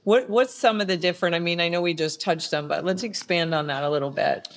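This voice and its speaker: A woman's voice: on the low side, quick pace. A woman co-hosting an interview podcast, telling stories in a chatty way and laughing easily. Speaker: podcast co-host. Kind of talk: casual interview talk.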